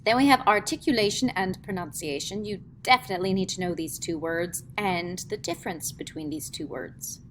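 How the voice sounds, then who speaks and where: A woman teaching a middle school theatre class in a classroom lecture, chatty, filling pauses with "um" and demonstrating as she explains. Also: on the low side, slight background noise.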